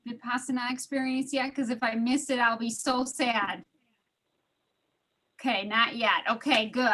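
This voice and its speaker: A middle-aged woman talks in a casual, chatty way, with a voice pitched a little high. She laughs easily and acts out the people in her story. The sound is that of a video call. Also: a bit bright. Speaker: study group participant. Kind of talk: casual storytelling in an online group.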